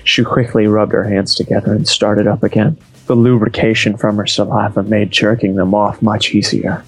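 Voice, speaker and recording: A man's voice: on the low side, little pitch movement, moderate pace, slightly rough, dry recording, soft background music, rough recording. A man doing a comedic dramatic reading of a story, mock-serious in tone. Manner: mock-dramatic, reads with put-on character voices. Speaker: reader.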